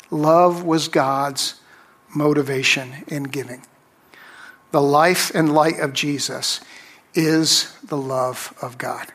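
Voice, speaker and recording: Slow, emphatic male pastor. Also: a little high, a bit bright. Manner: slow, emphatic preaching with long pauses. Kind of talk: sermon.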